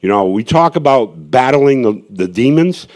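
This street evangelist, with a darkish, mid-range voice and lively intonation, talks at normal speed as he tells a gathering his testimony. He's earnest but rambling, restarting frequently and adding asides.

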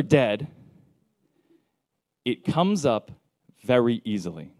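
A man preaching a casual sermon, telling stories in a joking, conversational way with lively asides. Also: mid-range voice, normal speed, dry recording, clean studio sound. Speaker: pastor.

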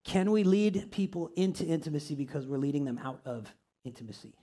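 Guy preaching to a small group, chatty, lots of rhetorical questions, fairly high voice. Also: animated, brisk. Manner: conversational, asks many rhetorical questions; reads scripture aloud, shifts pitch and loudness often. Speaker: pastor or teacher.

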